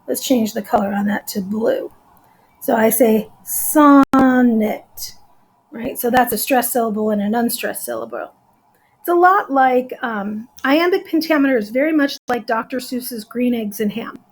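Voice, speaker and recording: A woman's voice: fairly high pitch, animated, moderate pace, husky. A woman teacher giving a recorded lesson, explaining step by step and counting out syllables.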